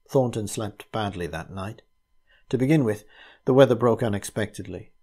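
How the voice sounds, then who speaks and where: A man narrating a classic ghost story aloud in a measured, steady way. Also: on the low side.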